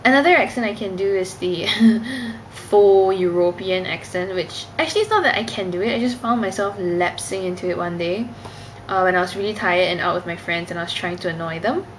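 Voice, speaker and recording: A woman's voice: medium pitch, a little fast, a little hiss or hum, poor audio. A young woman vlogging casually from a Singapore background, a Cantonese native speaker, self-conscious and giggly, rambling. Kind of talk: casual vlog talk.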